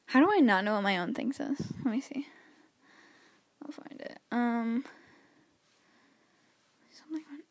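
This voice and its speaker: A woman's voice: fairly high pitch, darkish tone. A teenage girl hosting her own podcast alone, talking nervously and rambling with lots of restarts, a little wheezy, while pacing around her bedroom. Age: teens. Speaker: podcast host. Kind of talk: solo podcast chat.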